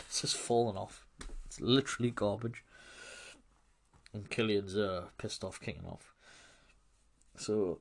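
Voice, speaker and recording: A man giving a loose, chatty film recap, laughing and swearing as he goes. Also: lowish voice. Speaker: film reviewer.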